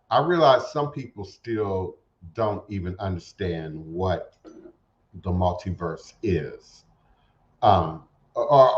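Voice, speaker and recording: A man's voice: lowish voice, a little mellow. Male radio host, loose rambling monologue full of restarts, dull lo-fi stream sound. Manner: rambling, halting with repeated words. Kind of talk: casual spiritual talk show monologue. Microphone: home setup streamed to internet radio. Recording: roomy, dull lo-fi internet radio audio.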